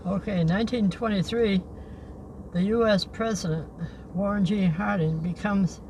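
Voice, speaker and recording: An older man hosting a livestream outdoors by the beach, reading historical notes in a halting way and slowing down on names. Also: high-pitched, fairly even intonation, darkish tone. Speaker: livestream host. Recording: noisy outdoor recording.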